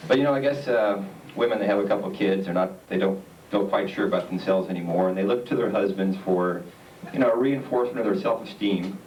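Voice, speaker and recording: A man performing a stand-up comedy routine on a theatre stage, telling stories with deadpan punchlines. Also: sits low, fast. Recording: roomy, distant, noisy live stage recording.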